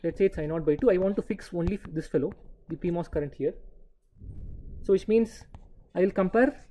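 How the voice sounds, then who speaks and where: A man giving an engineering lecture, often pausing to quiz the class with short prompting checks. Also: high voice, dark tone, a little hiss or hum. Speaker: university lecturer.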